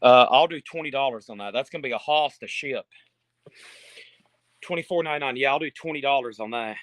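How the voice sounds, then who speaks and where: Out of breath, a man runs a live book sale from an indoor shop, holding his phone to film while he reads titles and prices with casual asides. His mid-range voice is a bit bright and a little fast, with no echo.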